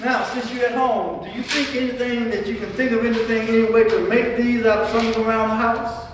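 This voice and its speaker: A man's voice: very high-pitched, level tone, noisy background. Man teaching kids drums, echoey hall. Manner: questions and call-and-response; spells words slowly. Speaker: music teacher. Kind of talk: children's music lesson. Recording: echoey hall, far mic.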